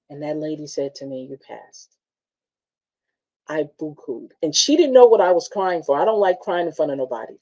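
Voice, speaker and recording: Warm low-voiced woman telling motivational stories. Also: dull audio. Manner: casual, animated storytelling with frequent laughs. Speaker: motivational show host. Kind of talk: motivational talk with personal stories.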